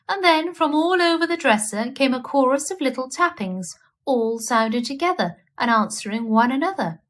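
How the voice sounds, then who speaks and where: A woman reading a children's bedtime story aloud in a gentle, expressive manner. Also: high voice.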